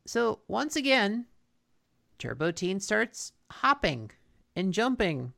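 A woman's voice: medium pitch, very animated, takes it slowly, creaky, fairly bright tone. A woman co-hosting a casual chat, recapping a cartoon episode in a rambling way with lots of fillers and restarts. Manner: rambling, filler-heavy storytelling with frequent restarts.

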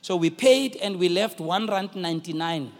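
A middle-aged man with a South African accent preaching a sermon, telling a story and calling out to the congregation in shouted, sung-out bursts. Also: high-pitched, lively intonation, normal speed, in a large hall, noisy background. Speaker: pastor.

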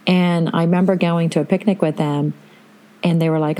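A middle-aged woman hosting a podcast, telling a family vacation story in a chatty, animated way. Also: lowish voice, normal speed. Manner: chatty, animated retelling with quoted voices. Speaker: podcast host. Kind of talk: casual storytelling.

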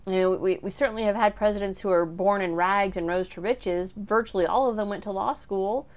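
A woman's voice: medium pitch, brisk, darkish tone. A young woman casually talking through a book she has read, chatty and full of asides. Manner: chatty, with frequent fillers and asides. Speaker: book reviewer. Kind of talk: casual book review talk.

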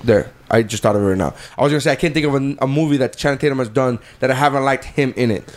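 A man's voice: mid-range voice, very fast. A man co-hosting a casual chat podcast, talking animatedly and arguing his point. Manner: animated, argues and acts out quotes.

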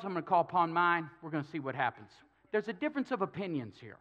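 A man preaches in a church, retelling scripture with humor and playing out the characters' lines. His voice sits a little high. The recording is dull and lo-fi, with the top end muffled. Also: sing-song, fast talker. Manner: storytelling with humor, acting out quotes. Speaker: pastor. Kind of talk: sermon.

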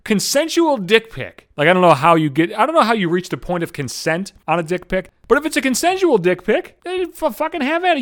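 A man's voice: high-pitched, big pitch swings, a little fast, hardly any pauses, fairly bright tone. A man delivering a profane, exasperated comedic rant as a solo host.

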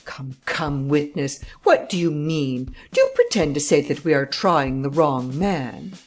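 A woman's voice: deep voice, big pitch swings, unhurried, soft background music, exaggerated voice. A woman voicing a stern, impatient male judge who fires off incredulous questions in a raised voice. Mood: exasperated.

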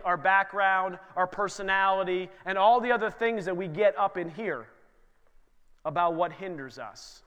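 A high-pitched male pastor in his thirties delivers an animated sermon, slipping into his children's voices as he tells family stories. His voice rings out with a long hall reverb, as in a church sanctuary. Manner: animated storytelling, acts out his kids' voices.

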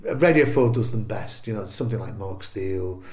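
A man from Liverpool, a comedian, tells gig stories in a relaxed, casual chat. His delivery is lively: he jumps up for the punchlines and drops low for the asides. The room around him is echoey. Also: fairly quick. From Liverpool, England. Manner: animated storyteller, acts out heckles in quoted voices. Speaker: comedian guest.

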